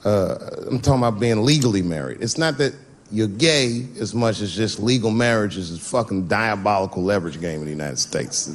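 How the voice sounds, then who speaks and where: A man doing a stand-up comedy routine, telling loose, profane stories with sudden swings in pitch. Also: brisk, slight background noise. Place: stage before a live audience.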